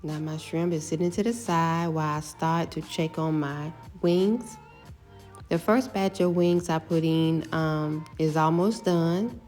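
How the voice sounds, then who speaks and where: A middle-aged woman casually talking through her home cooking step by step, relaxed and chatty. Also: low voice, a little slow, soft background music. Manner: relaxed, step-by-step explaining with fillers.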